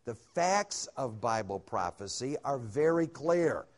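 A man's voice: medium pitch, lively intonation, takes it slowly. Male Bible conference speaker, folksy sermon delivery, filler-heavy, jokes along the way. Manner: folksy, with frequent "uh" fillers and humorous asides. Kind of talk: sermon-style Bible teaching. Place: hotel conference room.

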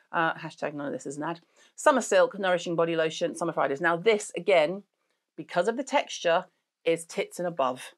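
A middle-aged woman talks through beauty products in a blunt, sweary, joking way. Her voice sits a little low for a woman. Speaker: beauty show host. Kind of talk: casual chat reviewing products.

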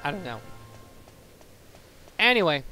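Bright-voiced young man rambling over gameplay. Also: on the high side, big pitch swings, takes it slowly. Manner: rambling, digressive, self-correcting. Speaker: let's play commentator. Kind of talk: casual gameplay commentary. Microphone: boosted home microphone. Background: faint game music.

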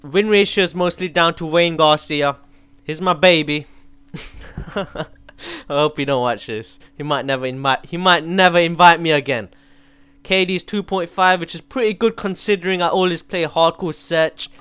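Excitable young gamer, crisp dry voice. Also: male voice, a little high, normal speed, no room sound. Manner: excitable, swings from mumbling to yelling. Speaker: gaming commentator. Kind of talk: live gameplay commentary. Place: home room.

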